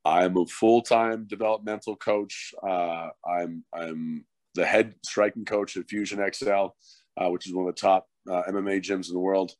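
Speaking at a normal speed in a deep voice, a middle-aged ex-hockey fighter who now coaches shares stories on a casual podcast, cursing freely and staying animated. The recording has no echo.

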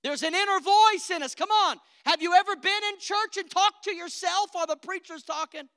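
A woman's voice: very high voice, moderate pace, fairly bright tone, no echo, studio quality. A woman preacher delivering an emphatic, rousing sermon and calling out for amens from the congregation.

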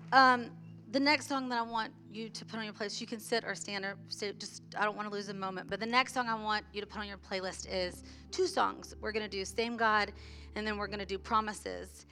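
Bright-voiced woman leading worship. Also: medium pitch, steady tone, faint music behind. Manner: heartfelt, halting with repeated restarts. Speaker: worship leader. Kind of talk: sermon-style worship talk.

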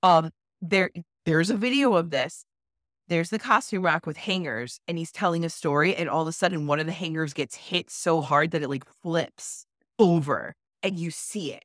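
A woman with a low voice tells a ghost story in an animated, casual way and swears freely. The sound is dry and close. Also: normal speed, no echo. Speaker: podcast co-host. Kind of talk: casual chat.

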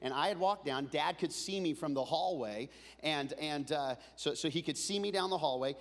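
A man preaching a comic storytelling sermon, animated and building up to shouting. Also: on the high side, moderate pace, long reverb tail. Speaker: pastor.

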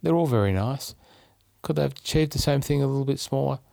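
A man's voice: medium pitch, fast talker, vocal fry, warm tone, no echo, clean studio sound. An Australian man hosting a podcast, chatting casually and telling stories in an upbeat way, often restarting mid-phrase. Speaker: podcast host. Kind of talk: casual travel chat.

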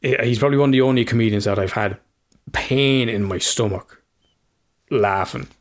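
A man co-hosts a casual podcast, his voice sitting a little low. He rambles through his stories, swears freely and laughs often. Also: normal speed. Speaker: podcast co-host. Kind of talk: casual chat.

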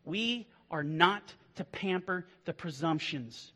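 Man, pastor, sermon, impassioned, hushed to loud swings, church. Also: high-pitched, moderate pace. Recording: long reverb of a hall.

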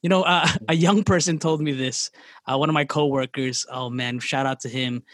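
A man's voice: medium pitch, fairly even intonation, normal speed, a bit bright, no echo. A man who is a father of young kids, co-hosting a casual podcast and talking in a joking, teasing way. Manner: joking, teasing, playfully mock-clueless. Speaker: podcast co-host. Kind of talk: casual chat.

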